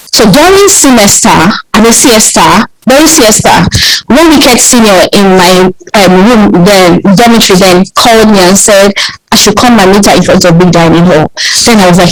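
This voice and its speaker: A woman with a Nigerian accent, a guest alumna telling school stories in an expressive, animated way and acting out quotes. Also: mid-range voice, a little hiss or hum, rough recording. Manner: animated, expressive storyteller who acts out quotes. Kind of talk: casual interview storytelling.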